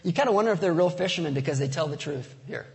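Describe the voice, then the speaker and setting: A man's voice: on the high side, lively intonation, racing, gravelly, darkish tone. A man preaching a sermon as pastor, casual and conversational, slipping in jokes. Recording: long reverb of a large hall.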